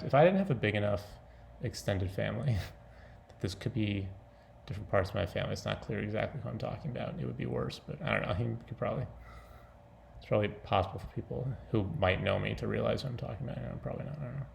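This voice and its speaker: A man's voice: fairly low pitch, fast talker, gravelly, a little hiss or hum. A man talking off the cuff in a casual vlog, rambling, breaking off mid-thought and laughing often.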